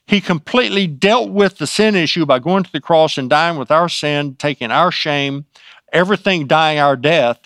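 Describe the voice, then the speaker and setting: A man's voice: a little high, normal speed, fairly bright tone, dry recording, studio quality. A man preaching a sermon, reading scripture aloud and then explaining it in a conversational way with frequent restarts. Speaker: pastor.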